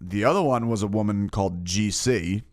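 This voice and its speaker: Man, low voice, comedian, dark deadpan storytelling, swears a lot. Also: normal speed. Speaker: comedian podcast co-host. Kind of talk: casual storytelling chat.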